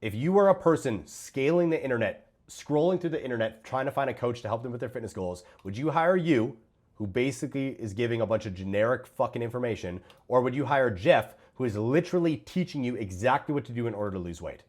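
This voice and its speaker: A man's voice: medium pitch, lively intonation, fast, a little mellow. A man giving blunt, profane reaction commentary on other creators' fitness videos. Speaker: host reviewing fitness coaches' videos.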